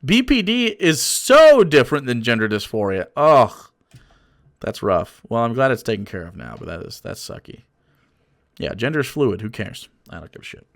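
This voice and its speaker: Animated, profane man reacting on stream. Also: medium pitch, moderate pace, creaky. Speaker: streamer reacting to a political video. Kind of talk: casual reaction commentary.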